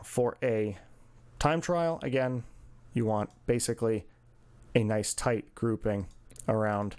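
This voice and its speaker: A man's voice: on the low side, darkish tone. A cycling coach talking through training data charts in a screen-share lesson, explaining as he goes with many fillers.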